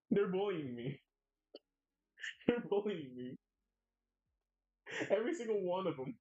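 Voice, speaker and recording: An adult streamer with a medium-pitched, slightly mellow voice chats casually while drawing, whining playfully and laughing a lot. The mic sounds dull and lo-fi.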